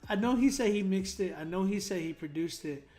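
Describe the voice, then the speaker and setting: A man with a notably high voice hosts a casual livestream critique of submitted tracks. He talks in a relaxed, filler-heavy way and hums drum rhythms to illustrate. Faint music plays underneath him. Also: a little fast. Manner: laid-back, many fillers, hums drum patterns to explain. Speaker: host reviewing submitted songs.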